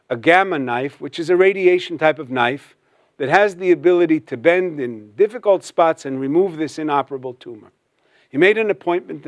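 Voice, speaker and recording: A man giving a storytelling religious talk, narrating a story at an even pace and sprinkling in Hebrew terms. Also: a little high, no room sound. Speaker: religious speaker.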